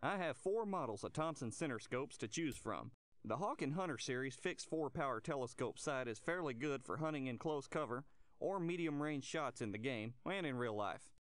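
A salesy gear-shop clerk from an old hunting game, voiced by a man. He reels off product pitches in a flat, even delivery. The recording is very dry with no room sound. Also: moderate pace, dry recording, close to an everyday voice. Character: adult male hunting-gear shopkeeper, salesy. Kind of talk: scripted game dialogue.

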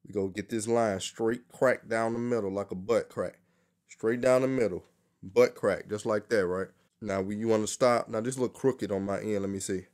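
A man's voice: fairly low pitch, darkish tone, dry recording, studio quality. A young man giving a casual, joking hair tutorial, cursing freely and talking in loose street slang. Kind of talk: casual how-to demonstration.

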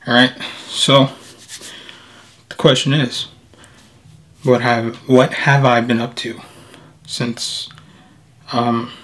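A man's voice: mid-range voice, flat delivery, slow, long pauses, fairly bright tone. A young man talking casually to his viewers in a playful, chatty vlog style. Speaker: vlogger. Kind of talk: casual vlog talk to camera.

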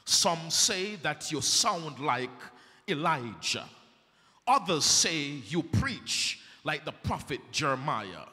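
Male evangelist, high lively voice, bright tone, echoey church hall. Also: slow. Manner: dramatic, rhetorical preaching that swells to shouts. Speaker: evangelist preacher. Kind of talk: sermon. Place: church sanctuary.

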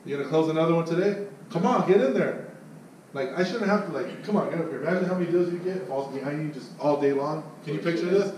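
Man, sales manager, profane pep talk, fairly high voice, echoey room, far from mic. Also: quick pace. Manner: loud, blunt, swearing, mocks others in put-on voices. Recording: echoey, distant mic with faint noise.

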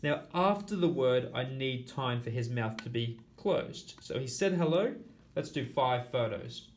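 A man's voice: mid-range voice, unhurried. Man explaining steps in an echoey room. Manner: steady step-by-step explaining, counting aloud. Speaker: teacher. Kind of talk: screen-recorded tutorial walkthrough.

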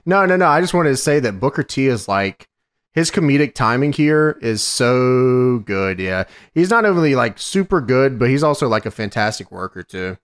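A man's voice: mid-range voice, very animated, moderate pace, clear, resonant tone. A man co-hosting a podcast, talking offhand in casual chat and swearing often. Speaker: podcast co-host. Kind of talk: casual chat recapping wrestling.

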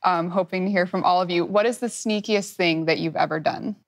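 A woman hosting a panel interview, asking questions in a brisk and polite way. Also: fairly low pitch. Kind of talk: moderating a panel.

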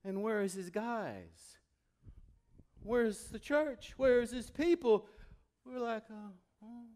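Preaching slowly in a very high-pitched voice, this male pastor is animated throughout. His delivery shifts between loud outbursts and soft, intimate asides.

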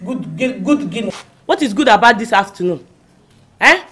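An actress with a Nigerian accent playing a bossy caretaker who scolds a tenant in a comedy film. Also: female voice, medium pitch, animated, moderate pace, crowd noise, lightly acted. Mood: scolding. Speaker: compound caretaker. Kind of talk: Nollywood comedy acting.

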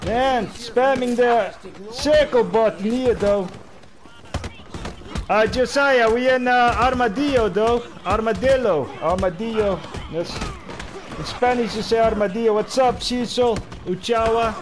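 High-voiced male game streamer. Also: unhurried, background noise. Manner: friendly, greets players, calls them bro. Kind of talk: casual livestream chat.

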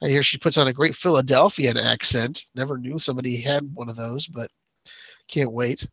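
Rambling, laughing man with a bright voice. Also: mid-range voice, fairly even intonation, moderate pace, husky, dry recording. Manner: rambling, laughs often, restarts a lot. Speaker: podcast co-host. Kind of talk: casual chat.

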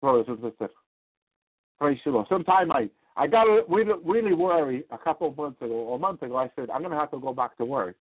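A man's voice: medium pitch, expressive, quick pace, husky. A man preaching a fervent radio sermon, repeating his points and rising to cries. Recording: tinny phone-line radio broadcast.

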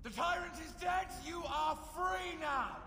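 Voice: very high-pitched, a little slow, sharp tone, roomy sound, in a large hall, soft background music, full character voice. A man voicing a grave male ruler character in video game dialogue, declaiming solemnly.

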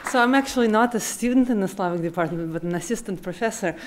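A woman with a Russian accent, an assistant professor who introduces and reads a poem aloud at a public event, hesitant in her asides and measured once she reads. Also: mid-range voice, heavy background noise. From Uzbekistan. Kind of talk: poetry reading at a public event.

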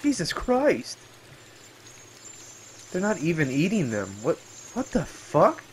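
A man giving profane, excitable running commentary while playing a game, often yelping and exclaiming. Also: mid-range voice, a little hiss or hum. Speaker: gameplay streamer. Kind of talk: let's play commentary.

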